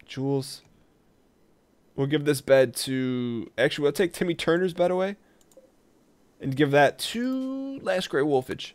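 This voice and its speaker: A man doing let's play commentary on a colony game, talking to his colonists and jumping between rattled bursts and low mutters, with keyboard clicks behind. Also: lively intonation, measured pace, pauses often, no echo. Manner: jumpy, talks to his colonists, spikes loud when tense.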